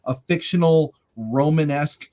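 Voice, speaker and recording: A man's voice: on the high side, normal speed, mellow, dull audio. A man joining a casual film discussion as a panelist, chatty and easygoing.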